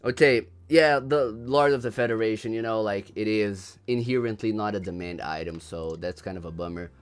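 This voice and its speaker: A man's voice: lowish voice, normal speed, clear, resonant tone. A young man from Brazil with a Brazilian accent, hosting a casual livestream, laughing often and repeating himself in slangy chatter. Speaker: livestream host.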